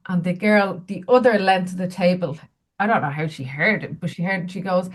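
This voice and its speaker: A woman's voice: lowish voice, expressive, brisk. Woman, interview guest, candid self-mocking storyteller, easygoing chat. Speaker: interview guest, medium and healer.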